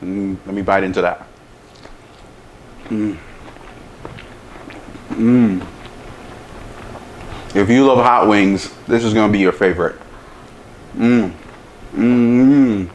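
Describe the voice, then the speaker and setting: A man's voice: fairly low pitch, a little hiss or hum. A man hosting a casual cooking demo and taste test, humming over each bite and talking with his mouth full. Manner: talks with mouth full, lots of savoring hums; slow, relaxed delivery. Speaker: chef, cooking show host.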